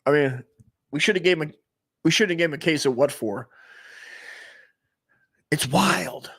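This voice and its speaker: A man's voice: fairly high pitch, moderate pace, creaky, breathy edge. Rambling, profane man in his forties. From United States. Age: 40s. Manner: rambling, profane, excitable, restarts often. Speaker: comedy stream host. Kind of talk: rambling profane comic monologue.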